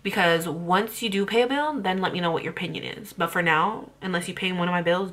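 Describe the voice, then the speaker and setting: A woman's voice: fairly low pitch, fairly quick, hardly any pauses, a bit bright. A young woman ranting bluntly about parenting on her vlog, heated and full of swearing. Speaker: parenting vlogger.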